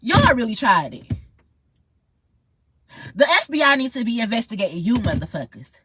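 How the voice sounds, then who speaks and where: A woman's voice: on the high side, very animated, normal speed, pushed and bright, slightly rough. A woman ranting in a heated, profane, confrontational monologue straight to her viewers. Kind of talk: angry monologue vlog.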